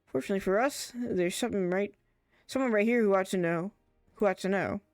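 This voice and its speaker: A woman voicing an earnest male scholar with an Irish accent, reading game dialogue in a measured, formal way. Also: mid-range voice, darkish tone, no echo, clean studio sound, faint music behind, lightly acted. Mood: inquisitive.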